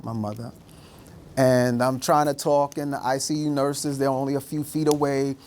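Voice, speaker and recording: Middle-aged male speaker, vivid storyteller, does voices for characters, mid-range pitch. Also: little pitch movement, moderate pace, a little mellow, a little hiss or hum. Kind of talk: storytelling talk.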